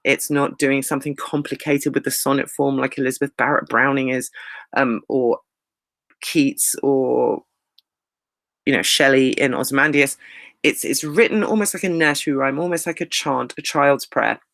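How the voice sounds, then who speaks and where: A male English teacher giving a recorded lecture, explaining lively and reading lines of verse slowly. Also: mid-range voice, creaky, no room sound.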